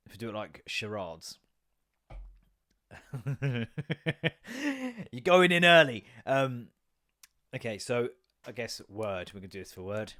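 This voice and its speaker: A man's voice: medium pitch, expressive, takes it slowly, long pauses. Rambling sweary man. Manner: rambling, jokey and sweary, with sudden loud bursts. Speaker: podcast host. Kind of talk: casual solo podcast rant.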